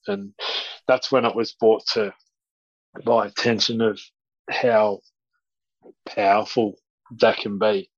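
A man telling a story as a podcast guest, halting with many restarts. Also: lowish voice, level tone, highs cut off. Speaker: guest speaker.

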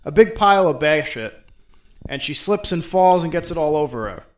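A man retells a folktale as host, with a fairly high voice and an irreverent, profane, wisecracking delivery. His comedic asides come in a casual talking tone. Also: animated, moderate pace. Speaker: host and storyteller. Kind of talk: comedic folklore storytelling.

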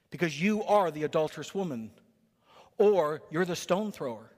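A pastor delivers his sermon in short, rhythmic, emphatic bursts. His voice sits high for a man. The sound carries the long reverb of a big church hall. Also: animated, moderate pace, a little mellow. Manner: emphatic, punchy preaching in short rhythmic phrases. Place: church sanctuary.

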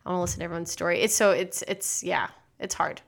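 A woman's voice: fairly low pitch, fairly even intonation, fast talker, creaky. A young woman co-hosting a podcast in casual chat, rambling and self-reflective, trailing off and restarting. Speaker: podcast co-host.

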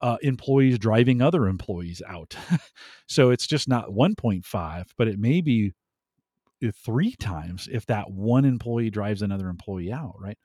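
A man talking as a podcast guest in an animated way, laughing often and pushing up his voice for emphasis. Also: lowish voice, a little slow, no room sound, studio quality. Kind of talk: conversational interview.

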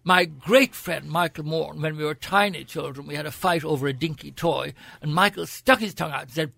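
A man's voice: a little high, fairly quick, gravelly, few pauses, fairly bright tone, no echo, clean studio sound. An older Irish man, a senator, telling stories as a guest in an interview, with a grand, theatrical, witty manner. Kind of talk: anecdotal storytelling.

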